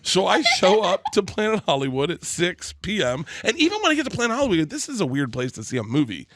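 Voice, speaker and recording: A middle-aged comedian telling a comic story on a podcast, animated and quick to act out other people. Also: male voice, sits high, no room sound, studio quality. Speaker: comedian guest.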